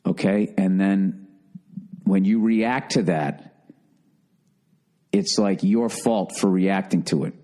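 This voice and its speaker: A man hosting a solo comedy podcast, ranting profanely and swinging from shouted outbursts to low grumbling. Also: slow, long pauses. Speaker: podcast host.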